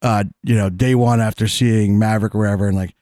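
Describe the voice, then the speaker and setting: A man's voice: fairly low pitch, steady tone, fast talker, dark tone, no room sound. A man co-hosting a podcast in casual chat, rambling and hesitant, often restarting his sentences. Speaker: podcast co-host.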